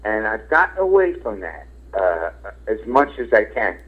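A man's voice: fairly low pitch, very animated, moderate pace, breathy edge. A middle-aged man, a radio host and comedian, talking casually and frankly in an interview, rambling with lots of fillers and casual swearing. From Philadelphia. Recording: tinny phone-like radio sound.

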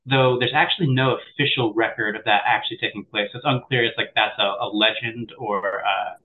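A man's voice: lowish voice, fairly even intonation, fairly quick. A man co-hosting a podcast, chatty and enthusiastic, running through history notes with light humor. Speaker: podcast co-host. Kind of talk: casual podcast chat and reading history notes. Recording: thin phone-like sound with faint noise.

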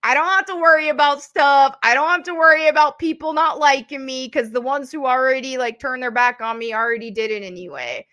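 A woman's voice: sits high, fairly quick, hardly any pauses, sharp tone, dry recording. A woman in her thirties, a content creator speaking candidly as a guest on a casual interview podcast and laughing often.

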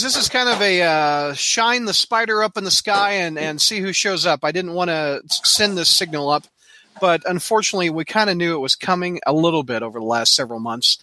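Male podcast host, lively and bright-toned, earnest, faint music underneath. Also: sits high, a little fast. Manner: lively, earnest, speaks with fillers. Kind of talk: podcast panel chat.

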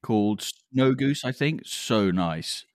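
A man with a very deep voice co-hosts a relaxed podcast. He is good-humoured and explains things in a matter-of-fact way. The sound is dry and close. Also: slow pace, no echo. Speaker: podcast co-host. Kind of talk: casual podcast chat.

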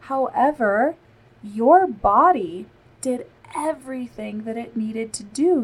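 A woman's voice: fairly high pitch, animated, a little slow, slightly rough, rough recording. A woman in her thirties hosting a podcast, talking earnestly and reassuringly straight to her listeners. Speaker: podcast host and postpartum body therapist. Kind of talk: solo podcast talk.

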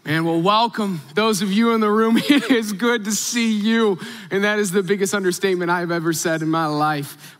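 A man's voice: high voice, a bit bright. Casual-talking male pastor in a hall. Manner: casual, conversational preaching. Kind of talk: sermon. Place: large church auditorium. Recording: hall reverb.

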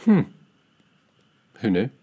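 A man with a British English accent, chatting casually on a podcast with dry, low-key humor. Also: slow, warm tone. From Britain.

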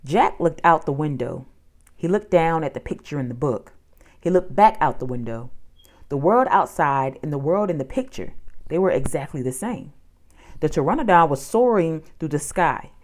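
A woman with a low voice narrates a children's chapter book aloud. Her reading is expressive and full of lively rises and falls, pitched for young listeners. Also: moderate pace. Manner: expressive, storytelling delivery.

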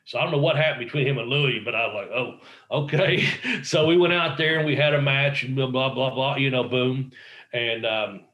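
A man's voice: medium pitch, fairly even intonation, a little fast, fairly bright tone. A middle-aged man, a guest in an interview, telling a rambling story with swearing and quoted dialogue. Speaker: guest, wrestler. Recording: roomy echo.

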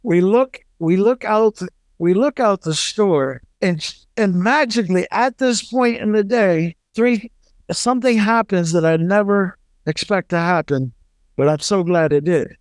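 A man's voice: high-pitched, measured pace, smooth, no echo, studio quality. A man in his thirties co-hosting a podcast, telling stories animatedly with profanity and laughter. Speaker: podcast co-host. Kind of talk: casual storytelling.

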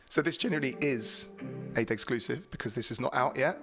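A male DJ hosts a drum and bass show in a mid-pitched voice. He talks in casual, excitable bursts, cracks jokes and stumbles over his words. Drum and bass plays faintly under his chat. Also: brisk, creaky. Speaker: drum and bass DJ and podcast host. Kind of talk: casual DJ chat between tracks. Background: drum and bass music playing.

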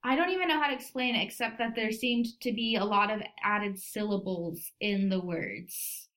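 A woman co-hosting a casual chat, talking with frequent laughs and animated storytelling. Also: medium pitch, normal speed.

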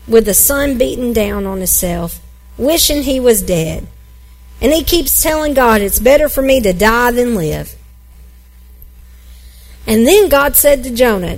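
High-voiced woman pastor preaching. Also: measured pace, soft background music, rough recording. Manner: animated storytelling, acts out grumpy Jonah. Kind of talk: sermon.

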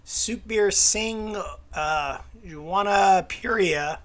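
A man with a high voice co-hosts a casual podcast. He reads the news in a loose, halting way and breaks off for dry, self-mocking jokes. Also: fairly bright tone. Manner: wry, self-deprecating quips. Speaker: podcast co-host.

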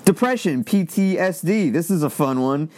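A man's voice: fairly high pitch, animated, normal speed, a little mellow. A man in casual commentary, reading quoted text aloud and adding blunt, exasperated asides with free swearing. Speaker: commentator reading an online thread.

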